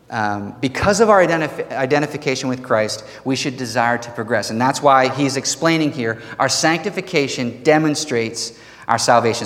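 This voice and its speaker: A man preaching a sermon as pastor, animated and emphatic, with rhetorical questions to the congregation. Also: mid-range voice. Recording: long hall reverb.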